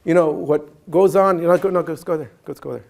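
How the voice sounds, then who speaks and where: A man giving a storytelling keynote speech, animated, mixing Spanish phrases into his English. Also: a little high, fast, creaky. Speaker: keynote speaker.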